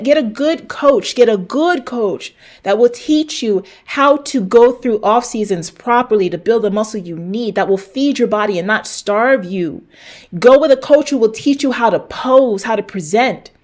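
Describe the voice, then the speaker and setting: A middle-aged woman hosting a fitness show, giving blunt, preachy advice straight to viewers and swearing for emphasis. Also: mid-range voice. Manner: talks straight to viewers, repeats lines for punch. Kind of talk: direct-to-camera advice rant.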